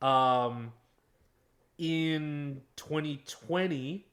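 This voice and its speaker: A man co-hosting a casual podcast, walking friends through his research in a halting way with many fillers. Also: fairly high pitch, a bit bright. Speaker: podcast co-host presenting research.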